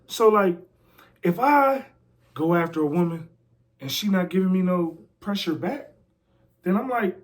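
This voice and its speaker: Speaking unhurriedly and pausing often, this man's high, expressive voice carries loads of slang, bragging, and trash talk. He's a former pro wrestler chatting casually as an interview guest inside a house.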